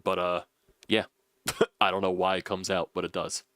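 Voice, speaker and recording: A man's voice: deep voice, flat delivery, moderate pace, a bit bright, dry recording, studio quality. A young man with a South Philly accent, ranting through a solo fan recap with frustrated, profane commentary. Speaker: sports channel host.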